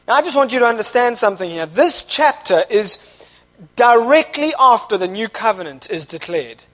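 Young guy preaching in church, really high voice, gets fired up and shouts. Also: big pitch swings, moderate pace. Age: young adult. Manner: impassioned, swinging from quiet to shouting. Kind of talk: sermon. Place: church service.

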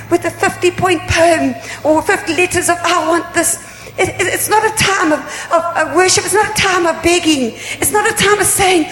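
Woman preacher, high voice, earnest pleading sermon, echoey church hall from far off. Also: normal speed, fairly bright tone. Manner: earnest, repetitive, pleading questions. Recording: echoey hall, faint room noise.

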